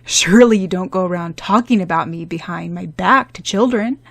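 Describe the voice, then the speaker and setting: A woman voicing a proud, irritable young boy who speaks in an indignant, exasperated, forceful way. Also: fairly low pitch, moderate pace, gravelly.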